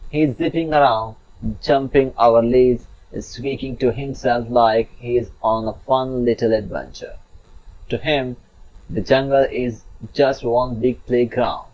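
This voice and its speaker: A man's voice: medium pitch, fairly even intonation, unhurried, darkish tone, poor audio. A man telling a children's fable in a chatty, playful storybook narration with asides to the listener.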